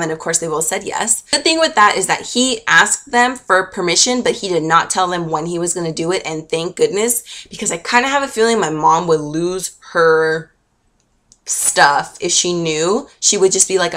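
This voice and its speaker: Young woman vlogger, low-pitched, chatty and emotional storyteller. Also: fairly bright tone. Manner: gushing and emotional, chatty with many fillers. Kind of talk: casual storytelling to camera.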